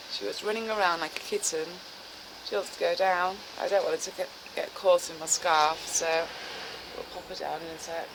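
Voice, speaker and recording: A woman's voice: fairly low pitch, background noise. A woman filming herself in her garden in winter, chatting casually to the camera and coaxing her cat in a cooing, sing-song voice. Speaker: vlogger. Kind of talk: casual vlog chat to camera. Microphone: handheld camera filming herself.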